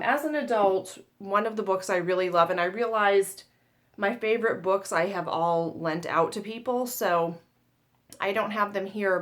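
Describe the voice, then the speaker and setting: A woman's voice: on the low side, fairly bright tone. Chatty American woman in her forties. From United States. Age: 40s. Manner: chatty, self-deprecating, laughs at herself. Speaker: tarot channel host. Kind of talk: casual chat to camera.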